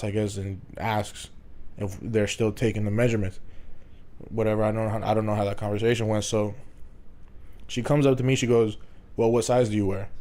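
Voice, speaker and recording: Swearing young man telling a story. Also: fairly low pitch. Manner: swearing, laughing, animated retelling. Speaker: podcast host. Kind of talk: casual storytelling chat.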